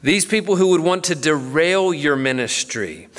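A man's voice: a little high, animated, normal speed, a bit bright. A middle-aged man, a pastor, teaching the Bible in a casual, conversational way and acting out a story with playful voices. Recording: long hall reverb.

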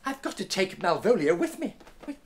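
Brief: eccentric old male inventor for children's TV, theatrical, word-inventing, swooping lively delivery. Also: sits high, a little fast, noisy background. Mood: panicked. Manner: theatrical, exclaims "oh" constantly, invents words. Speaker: inventor character in a children's series. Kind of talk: children's TV acting. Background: background music.

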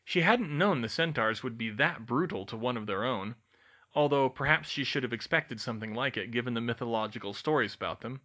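A man reading an audiobook aloud, steady and clear. His voice sounds bright and forward, at a middle pitch for a man. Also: normal speed. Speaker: audiobook reader. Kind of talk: fan-fiction audiobook narration.

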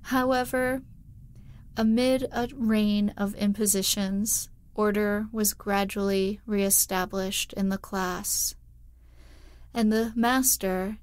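Calm woman narrator for a bedtime reading; unhurried, hushed, mid-pitched, dry studio sound. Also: no room sound. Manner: soft, hushed, drifting into whispers. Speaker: bedtime story reader. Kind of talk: slow, soothing sleep-story narration.

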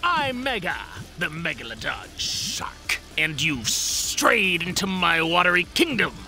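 A woman voicing a menacing male megalodon shark in a cartoon, talking slowly in low, looming threats. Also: very animated, sharp tone, faint music behind, full character voice. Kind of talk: cartoon voice acting.

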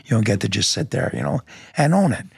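A man's voice: on the low side, huge pitch swings, fast talker, creaky, breathy edge, no echo. A middle-aged man, a police lieutenant, speaking as a podcast guest in an earnest, blunt, plainspoken way, with some mild cursing. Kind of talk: candid interview storytelling.

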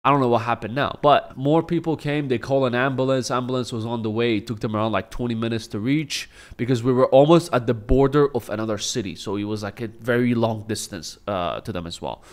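A young man recounting a personal story for his vlog in a casual, laid-back way. He jokes, swears freely and pokes fun at himself, his voice at an ordinary middle pitch. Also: brisk, few pauses. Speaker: vlogger.

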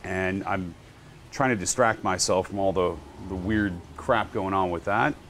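A man's voice: sits low, a little slow, a little hiss or hum. A man, a winemaker, telling stories in a casual podcast interview and acting out what others said. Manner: animated storyteller, acts out quotes. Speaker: guest winery owner and winemaker.

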